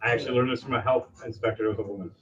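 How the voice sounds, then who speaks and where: Man, game master, crude jokes, animated, dull lo-fi recording, off-mic. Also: mid-range voice, very fast, background noise. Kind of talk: running a tabletop game. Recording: dull lo-fi sound, distant from mic.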